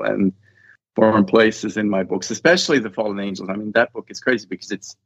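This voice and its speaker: A man's voice: on the low side, fairly quick, dry recording. A man, an author being interviewed, talking casually and rambling with lots of restarts. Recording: dull, dry lo-fi sound.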